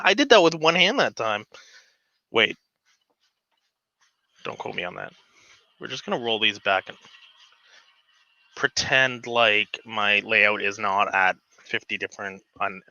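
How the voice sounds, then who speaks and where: A man hosting a casual home livestream, chatting and rambling with lots of fillers, excited and a bit giddy. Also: on the low side, no room sound, lo-fi sound. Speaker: livestream host. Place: home model railroad room.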